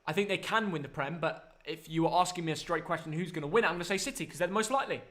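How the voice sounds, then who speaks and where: A young man from northern England hosting a casual football reaction chat, excitable and chatty. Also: a little high. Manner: excitable, chatty, quick to butt in. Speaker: host of a football reaction stream.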